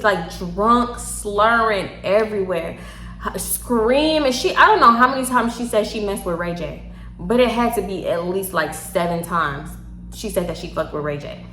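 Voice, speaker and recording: A woman with a Houston accent telling a story casually to her viewers, animated, slangy and quick to laugh. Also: medium pitch, slight background noise. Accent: Southern US, Houston. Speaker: storytime vlogger. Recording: echoey room.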